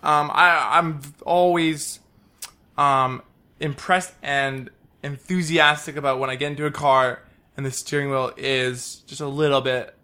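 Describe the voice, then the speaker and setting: A man's voice: fairly high pitch, fairly even intonation, unhurried, bright, forceful tone, smooth. A man co-hosting a casual car podcast, rambling and joking, laughing often. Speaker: podcast co-host.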